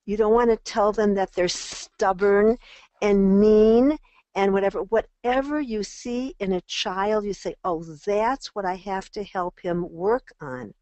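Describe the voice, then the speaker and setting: An older woman leads an online parenting class in a lively, animated way, slipping into little acted-out voices as she talks. Her voice sits at a middle pitch. The recording is close and dry, with no room sound. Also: unhurried, no room sound. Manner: animated, acts out quoted voices. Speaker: parenting teacher.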